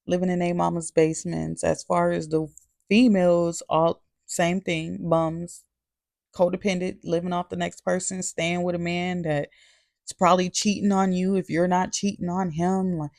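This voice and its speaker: A woman's voice: fairly low pitch, little pitch movement, a little slow, gravelly, darkish tone, dry recording, studio quality. A woman vlogger giving a candid, confessional testimony to camera, earnest and repeating her phrases for emphasis. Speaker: faith vlogger.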